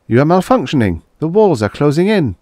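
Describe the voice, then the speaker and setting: A man's voice: a little high, sing-song, a little fast, darkish tone, no room sound, clean studio sound, voice pushed up. A man voicing a terrified, trapped man who cries out in strained panic. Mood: panicked.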